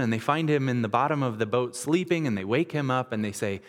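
A man's voice: medium pitch, fairly quick, long reverb tail. A male pastor preaching a sermon, retelling a scripture story in a casual, storytelling way.

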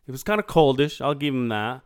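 A man's voice: medium pitch, brisk, smooth. A middle-aged man in casual chat, telling a story with acted-out quotes and a lot of swearing. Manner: animated, acts out quotes, swears freely. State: clearing his throat, morning voice. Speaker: podcast co-host.

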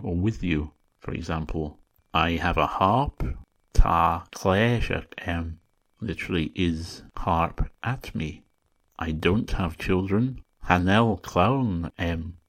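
A man hosting a language podcast, calmly explaining grammar and slowing down to pronounce example words. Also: low voice. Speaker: podcast host teaching a language. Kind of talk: scripted language lesson.

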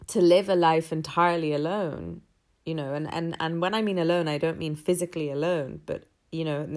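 A woman's voice: lowish voice, darkish tone. A woman telling a personal story in a candid, rambling, reflective way.

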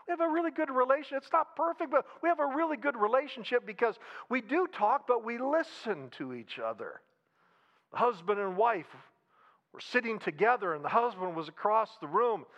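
A man with a high voice preaches in a loose, conversational way. He repeats key phrases and slips in light jokes. The recording sounds a little dull and muffled. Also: expressive, brisk, a bit bright. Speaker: pastor. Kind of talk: sermon.

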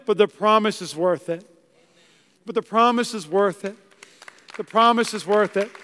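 A man's voice: sits high, a bit bright, clear, resonant tone, big-room sound. A young man preaching a sermon in a church, telling stories and acting out voices as he goes. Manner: storytelling preacher, acts out voices. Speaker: pastor. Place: church hall.

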